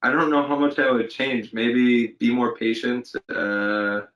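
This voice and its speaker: A man's voice: mid-range voice, steady tone, unhurried, a bit bright, rough recording. A man, an actor, answering interview questions in a thoughtful, hesitant way, with many fillers and restarts, recorded from home. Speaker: actor guest. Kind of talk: casual interview over video call. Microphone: home setup during lockdown.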